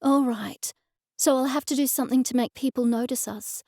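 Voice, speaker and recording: A woman's voice: high-pitched, steady tone, fairly quick, darkish tone, dry recording, clean studio sound. A woman voicing an exasperated young woman who snaps and pleads with her mother. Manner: snappish and pleading by turns. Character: exasperated young woman, funeral home heir.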